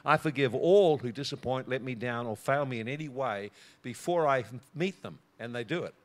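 A middle-aged man preaching a sermon, telling a personal story with frequent laughter and repeated words. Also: mid-range voice.

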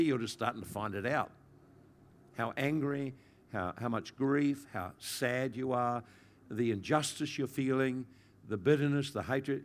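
A man preaching a pastoral sermon with an earnest, caring delivery. His voice sits in an ordinary middle register for a man. He swells with emphasis and then eases back to a hushed, gentle tone. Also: medium pitch. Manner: earnest and pastoral, rising to intensity then softening. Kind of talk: sermon teaching.

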